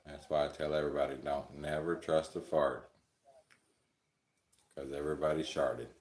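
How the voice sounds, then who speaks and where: Very deep-voiced man rambling crudely. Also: flat delivery, measured pace, long pauses, reverberant, a little hiss or hum. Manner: rambling, crude jokey humor, chuckles often. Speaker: live stream host. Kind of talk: casual storytelling chat.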